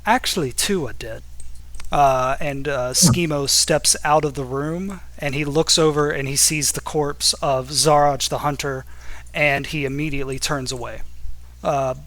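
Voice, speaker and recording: A man's voice: on the high side, steady tone, measured pace, fairly bright tone. A man narrating a tabletop role-playing game as game master, casual and loose with filler words.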